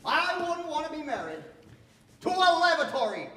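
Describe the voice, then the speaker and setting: A performer voicing a bashful young American ex-soldier with an American accent who giggles nervously. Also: male voice, very high voice, pushed and bright, echoey room, distant mic, heavily acted.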